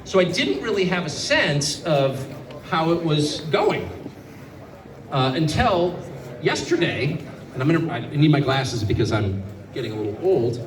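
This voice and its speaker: American man, sarcastic public speech, lively swinging pitch, echoey venue with ambient noise. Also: a little slow, pauses often. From United States. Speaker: guest speaker. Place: event venue before an audience. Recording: echoey venue, distant mic, background ambience.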